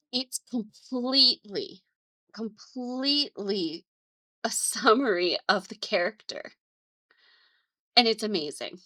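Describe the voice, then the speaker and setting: A woman's voice: mid-range voice, pushed and bright. A woman hosting her own video show, chatting casually and enthusiastically with frequent small laughs. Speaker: host. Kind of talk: casual vlog chat.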